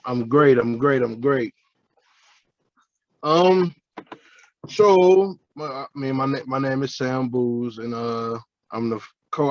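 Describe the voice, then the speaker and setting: A man with a Cleveland accent, a guest on an interview show, talking in a halting way with many repeated words, heard over a breaking-up remote call. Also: mid-range voice, no echo, dull audio. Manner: halting, repeats words, says he is not a talker. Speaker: guest, co-founder.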